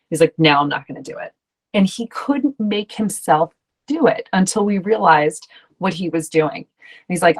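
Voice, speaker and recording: A woman coach talking to parents in a chatty, loose way, full of ums and restarts, acting out the voices she quotes. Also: lowish voice. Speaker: ADHD coach.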